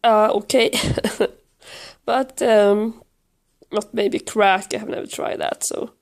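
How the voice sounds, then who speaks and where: Hoarse Swedish woman, slow and rambling. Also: medium pitch, fairly even intonation. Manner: rambling, self-mocking, baby-talk to her cat. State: hoarse from a cold. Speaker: vlogger filming her cat. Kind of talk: casual home vlog. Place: lying on a couch at home.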